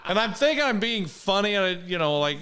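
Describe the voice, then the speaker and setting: A man's voice: sits high, sing-song, brisk, crowd noise. A man co-hosting a podcast, telling stories in casual chat and laughing through them. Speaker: podcast co-host.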